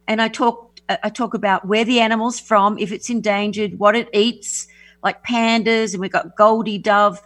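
A woman's voice: a little high, fairly bright tone. Enthusiastic woman guest on a radio talk show. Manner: enthusiastic, rambling with restarts. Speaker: guest, affirmation music artist. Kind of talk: casual radio interview.

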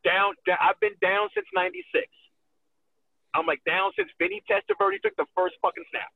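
A man telling a road story as a guest in casual talk, animated and profane, acting out quotes and laughing often, heard over a phone line. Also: high voice, moderate pace, gravelly, slightly rough, no echo. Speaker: wrestler guest. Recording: tinny phone-line sound.

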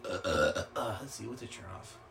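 A man co-hosting a podcast, chatting casually with crude jokes and loud laughs. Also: on the low side, lively intonation, a little fast, creaky, a little hiss or hum. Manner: joking, profane, laughs loudly. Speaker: podcast co-host.

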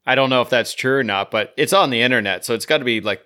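Male co-host, mid pitch, wisecracking and casual. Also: bright, forceful tone, clear, resonant tone. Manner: joking, quick with fillers. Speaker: podcast co-host. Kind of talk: casual chat.

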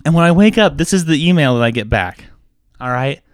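A man's voice: on the high side, lively intonation, fairly quick, smooth, dry recording, clean studio sound. A man co-hosting a casual chat show, ranting with lots of profanity and mocking the people he quotes. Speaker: podcast co-host.

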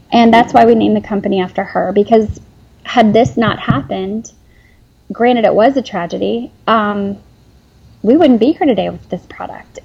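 A woman's voice: fairly high pitch, warm tone, slightly rough, lo-fi sound. A woman in her forties, a former nurse and company founder, talking earnestly in an interview, rambling with restarts and fillers. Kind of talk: emotional interview conversation.

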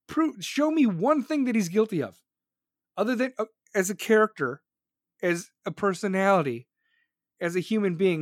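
Streaming to viewers, a man with a voice that sits high goes off on politics, cursing constantly and dripping with sarcasm. He's close to the mic in a dry recording.

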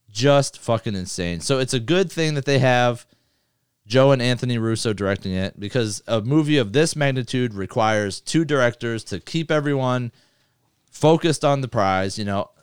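A man hosting a casual movie podcast, talking loosely with swearing and rattling through a list fast. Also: mid-range voice, lively intonation, smooth, dry recording, clean studio sound. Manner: loose, profane, reads lists quickly. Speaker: podcast host.

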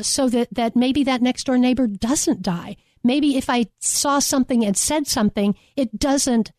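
Woman guest, emphatic advocate, higher voice, dry studio sound. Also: darkish tone, no room sound. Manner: passionate, emphatic, repeats key phrases. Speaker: guest from a domestic violence agency. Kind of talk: earnest radio interview talk.

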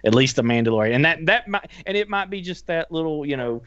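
A man's voice: fairly high pitch, expressive, quick pace, a bit bright, no echo. A man co-hosting a podcast in casual chat, rambling and joking sardonically. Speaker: podcast co-host. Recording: dull, lo-fi.

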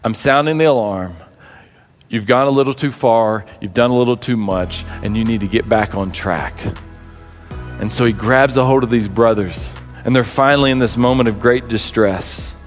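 A man preaching a sermon as a pastor, telling stories with lively, acted-out quotes. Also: medium pitch, moderate pace, faint music behind. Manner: animated storyteller acting out quoted voices. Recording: long hall reverb.

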